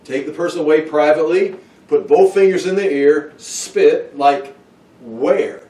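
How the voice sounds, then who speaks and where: A man's voice: fairly high pitch, unhurried, warm tone. A man teaching a Bible study who thinks aloud with restarts and asides. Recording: roomy, from far off the mic.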